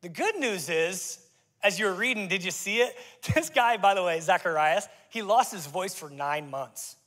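A middle-aged man preaches in a loose, conversational style and teases his listeners. His voice sits fairly high for a man. He moves easily between earnest points and jokes. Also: lively intonation, normal speed, a bit bright, long reverb tail. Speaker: pastor. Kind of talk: sermon.

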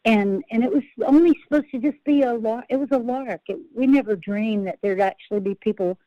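A woman's voice: fairly high pitch, fairly quick, no room sound, muffled recording. A woman country singer-songwriter, a podcast guest, telling rambling, self-interrupting stories and laughing at her own tales.

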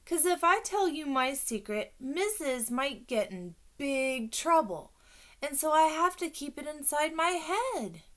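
A woman voicing a loud, excitable kindergarten girl in an audiobook, high and shouty. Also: unhurried, full character voice. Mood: earnest. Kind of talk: audiobook character voice.

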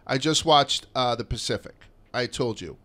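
A man's voice: mid-range voice, moderate pace, fairly bright tone. A man in his thirties hosting a podcast in a casual, rambling way, swearing freely and using plenty of fillers. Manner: rambling, profane, with lots of fillers. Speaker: podcast host.

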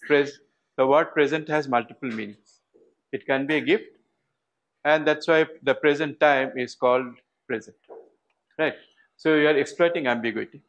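In a lecture hall, a man with an Indian English accent gives a university lecture, asking the class questions and repeating words for emphasis. His voice is medium-pitched and a bit bright.

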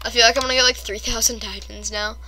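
A young woman chatting casually over her own gameplay, excitable and quick to gasp and squeal at her failures. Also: fairly high pitch. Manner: excitable, shrieks and gasps at fails. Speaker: gamer.

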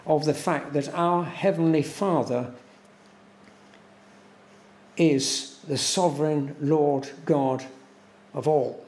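A man preaches a sermon at a very slow, deliberate pace, leaning on repeated words for weight. His voice is gravelly and sits a little high. The church around him adds a roomy echo. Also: steady tone, a little mellow. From England. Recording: echoey church room.

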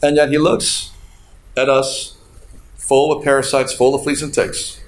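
A man's voice: medium pitch, flat delivery, a little slow. A man preaching a sermon, telling a story with laughs and acted-out quotes as the congregation responds. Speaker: pastor. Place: church hall. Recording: echoey hall with faint room noise.

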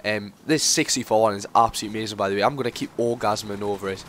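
A man's voice: lowish voice, very fast, fairly bright tone, slight background noise. A teenage boy, giving casual game commentary that rambles into sweary rants. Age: teens. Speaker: gameplay commentator.

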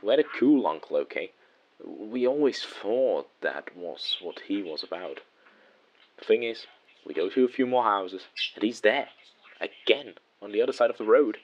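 A man telling a first-person horror story in a measured, hushed way, letting phrases trail off softly. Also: lowish voice, lively intonation, muffled recording, slight background noise. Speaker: narrator.

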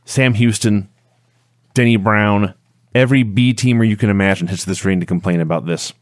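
Low-voiced man recapping a match. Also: normal speed, no room sound, clean studio sound. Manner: steady storytelling recap. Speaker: podcast co-host. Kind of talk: casual play-by-play recap.

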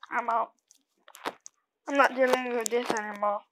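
A woman's voice: a little high, steady tone, normal speed, pauses often, a bit bright, a little hiss or hum. A young woman giving casual gameplay commentary, muttering to herself and bursting into panicked exclamations. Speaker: gaming video creator.

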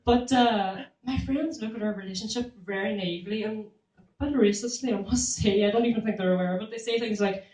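A young woman doing stand-up in a small club, animated, laughing at her own jokes and whooping. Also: mid-range voice, fairly quick, hardly any pauses. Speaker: stand-up comedian. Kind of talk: stand-up comedy set. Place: small comedy club room. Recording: echoey room, mic from far off.

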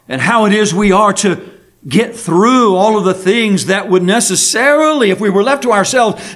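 Slow, high-voiced preaching man. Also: a bit bright. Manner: slow, deliberate preaching with emphatic pauses on key words. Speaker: pastor. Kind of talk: sermon. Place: church sanctuary.

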